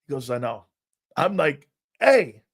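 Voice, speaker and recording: A middle-aged man hosting a sports talk show, telling a profane, animated story and loudly acting out the people in it. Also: medium pitch, measured pace.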